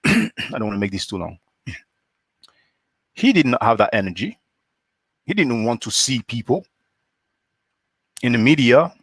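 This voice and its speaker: A man hosting a live stream, talking in a measured, hesitant way and often clearing his throat. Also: mid-range voice, a bit bright, no room sound, studio quality. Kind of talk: casual discussion.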